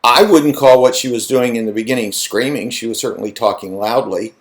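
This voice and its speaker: A man's voice: medium pitch, fairly quick. A man lecturing in a conversational way, posing rhetorical questions to his students. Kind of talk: recorded lecture.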